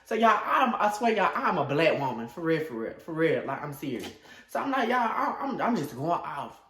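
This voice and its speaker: A young man vlogging, telling a story in a casual way, acting out quotes with dramatic swings into a high voice. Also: very animated, normal speed, sharp tone, reverberant.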